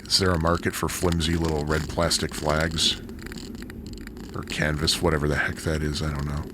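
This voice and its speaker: Male cycling vlogger with a low voice and a rambling, chatty delivery, recorded outdoors on a camera with heavy road noise. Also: level tone, moderate pace. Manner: rambling, chatty, self-deprecating asides. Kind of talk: casual narration while riding a bike. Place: outdoors on a city bike trail and streets. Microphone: bike- or body-mounted action camera. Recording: outdoor wind and traffic noise.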